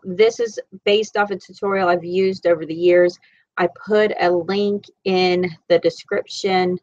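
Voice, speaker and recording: Speaking in a mid-range voice with lo-fi sound from a computer mic, a sewing instructor with a Southern Florida accent runs a live-streamed tutorial from home. Her manner is chatty, rambling, and self-deprecating.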